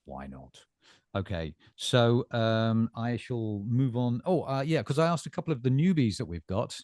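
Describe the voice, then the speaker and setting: A middle-aged man co-hosting a casual bookstore chat, talking in halting bursts with lots of fillers and repeated words. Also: medium pitch, expressive, a little mellow. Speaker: bookstore staff co-host.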